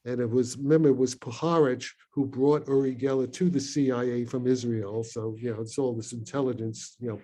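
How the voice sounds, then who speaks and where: An older man in his eighties from Brooklyn, his voice mellow and soft-edged, spins a long story on a video call. He rambles and digresses, piles up fillers and restarts, and chuckles between his points. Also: mid-range voice, fairly even intonation, brisk, hardly any pauses. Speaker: panel guest, physicist.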